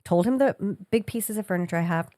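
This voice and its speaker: A woman co-hosting a podcast in casual chat, telling stories in an animated, blunt way and swearing freely. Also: medium pitch, quick pace, no echo, clean studio sound. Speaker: podcast co-host.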